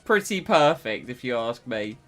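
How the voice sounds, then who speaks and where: A man with an English accent chatting casually while streaming a game, animated and quick to laugh. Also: mid-range voice, faint music behind.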